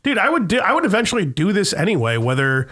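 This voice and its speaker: Podcast co-host, man, fairly high voice, rambling and profane, mimics people mid-story. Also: wildly swooping pitch, quick pace, a bit bright. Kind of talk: casual chat.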